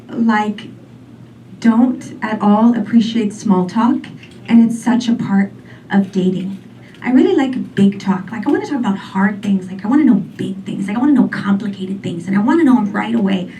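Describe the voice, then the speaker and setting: A woman in her forties doing a stand-up comedy set, rambling and deadpan, full of "um" and "like". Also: fairly high pitch, moderate pace. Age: 40s. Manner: rambling, filler-heavy, deadpan. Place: comedy club stage. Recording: distant mic with faint room noise.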